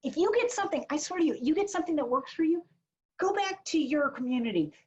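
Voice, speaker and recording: High-pitched and sing-song, this fast-talking woman gives a blunt, chatty webinar over a video call as a small business marketing advisor, peppering it with jokes and asides. The audio is dull and lo-fi.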